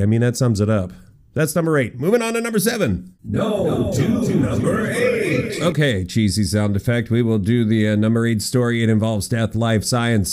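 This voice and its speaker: Man hosting a comic news countdown, wry asides, swooping pitch. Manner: wry, animated, jokey asides. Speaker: podcast host.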